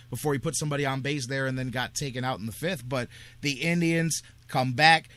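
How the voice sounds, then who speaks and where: Excitable male sports radio host, bright voice pitched a little high, rambling monologue. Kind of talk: casual sports talk show monologue.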